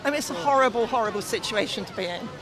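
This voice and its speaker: A woman's voice: a little high, lively intonation, very fast. Middle-aged woman interviewed outside, choked up and angry, lots of crowd noise. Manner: emotional, choked up, indignant. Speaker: protester, mother of affected resident. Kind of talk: radio interview on location. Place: outdoors at a street protest.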